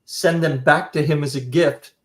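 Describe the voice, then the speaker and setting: A man's voice: fairly high pitch, steady tone, normal speed, over a noisy crowd. A man hosting a casual podcast chat, telling rambling jokey stories. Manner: joking, rambling storyteller.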